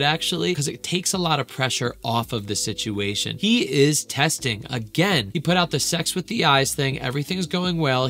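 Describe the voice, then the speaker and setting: A man's voice: mid-range voice, bright, forceful tone. A man who works as a relationship coach giving casual, frank reaction commentary and swearing freely.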